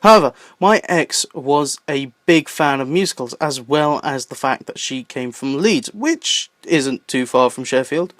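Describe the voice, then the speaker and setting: A young man with a Southern English accent hosting a countdown video, with playful, excitable asides. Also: medium pitch, measured pace, hardly any pauses, no echo. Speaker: YouTube host. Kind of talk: enthusiastic list-video narration.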